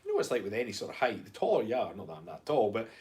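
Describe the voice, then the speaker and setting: A man's voice: lowish voice, huge pitch swings, racing, darkish tone. A man co-hosting a casual chat, explaining things at length with playful asides and movie references. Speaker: co-host.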